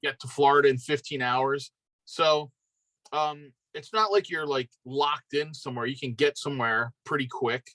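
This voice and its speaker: A man's voice: mid-range voice, normal speed, fairly bright tone, no room sound. A middle-aged man with a Philadelphia accent, chatting loosely as a podcast guest and rambling through asides and fillers. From Pennsylvania, near Philadelphia. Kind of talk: casual chat.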